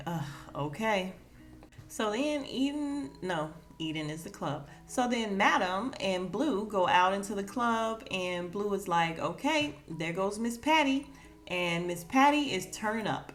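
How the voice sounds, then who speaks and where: A woman's voice: mid-range voice, a bit bright. A woman hosting a podcast, recapping an episode in a casual, chatty way, laughing and acting out the characters' lines. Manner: chatty, laughs often, acts out quotes. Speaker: podcast host.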